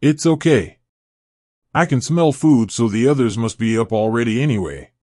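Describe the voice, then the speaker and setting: A man's voice: mid-range voice, expressive, normal speed, darkish tone, dry recording, studio quality, natural voice. A man voicing a cheerful young woman, a devoted queen who speaks happily and playfully, in a storybook reading. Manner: happy, playfully mock-respectful.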